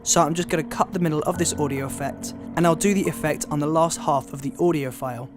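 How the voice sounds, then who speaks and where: Man, tutorial host, upbeat, step-by-step explainer, slightly high voice, music behind. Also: fast talker. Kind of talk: casual software tutorial. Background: background music.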